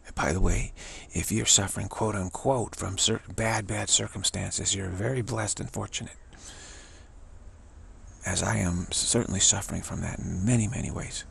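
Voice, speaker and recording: A man's voice: fairly low pitch, fairly even intonation, moderate pace, creaky, slight background noise. A man giving a casual spiritual teaching talk, musing and earnest, repeating phrases for emphasis.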